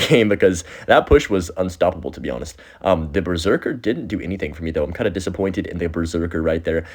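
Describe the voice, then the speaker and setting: A young man talks quickly over his own match, his voice sitting low most of the time. He calls plays in a rapid, casual flow and jumps high when the game surprises him. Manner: rapid, excitable, with sudden high-pitched outbursts. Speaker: gaming video host. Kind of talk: live gameplay commentary.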